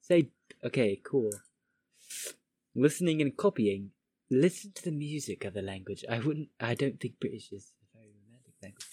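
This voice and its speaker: A man's voice: mid-range voice, lively intonation, mellow, breathy edge, no room sound. Man stumbling through a guide aloud. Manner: stumbling, halting reading with restarts. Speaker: friend reading a pronunciation guide aloud. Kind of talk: casual reading aloud among friends.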